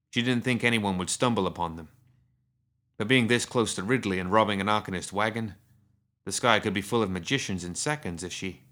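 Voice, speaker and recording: A man reading a story aloud as narrator, in a steady, measured way. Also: low voice.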